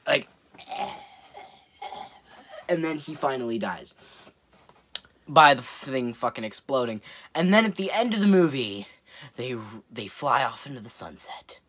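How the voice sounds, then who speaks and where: A man's voice: mid-range voice, expressive, unhurried, long pauses, a bit bright. Man rambling through a movie review. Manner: rambling and amused, laughs often, swears casually.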